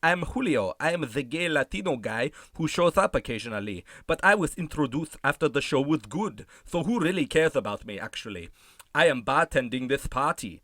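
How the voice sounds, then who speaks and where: A man's voice: fairly high pitch, expressive, normal speed, bright, forceful tone, dry recording. A man voicing a flirty party bartender in a half-hearted put-on accent.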